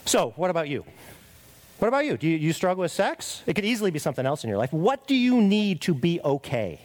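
Middle-aged man, pastor, sermon; high, very animated delivery, confessional and emphatic. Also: fast talker. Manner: confessional, emphatic, rhetorical "right?" tags; drops to quiet, earnest prayer voice.

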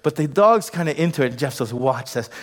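Middle-aged male pastor, higher voice, animated comic storyteller. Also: fast talker. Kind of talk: storytelling sermon.

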